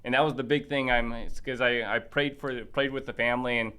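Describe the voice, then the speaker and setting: A man, a guest on a podcast, telling a story in casual chat. He talks in an animated way, acts out the dialogue of other people and restarts his sentences a lot. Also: medium pitch, a little fast, smooth. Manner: many restarts and fillers.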